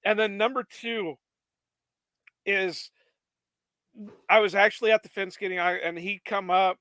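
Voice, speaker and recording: A man's voice: sits high, fairly even intonation, measured pace, pushed and bright, dry recording. A man co-hosting a podcast, chatty and laughing often as he tells stories in casual conversation. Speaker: podcast co-host.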